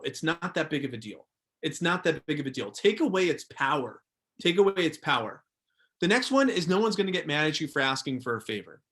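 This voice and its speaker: A man's voice: fairly high pitch, a bit bright. Emphatic, repetitive male sales trainer. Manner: emphatic, repeats key phrases. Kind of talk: motivational training workshop.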